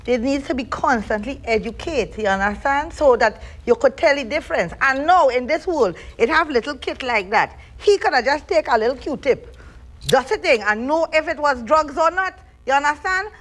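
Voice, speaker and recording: A woman's voice: high voice, expressive, normal speed, fairly bright tone. A woman with a Trinidadian accent, a show host talking in a casual interview and tagging nearly every point with "you understand?" in Creole grammar. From Trinidad and Tobago.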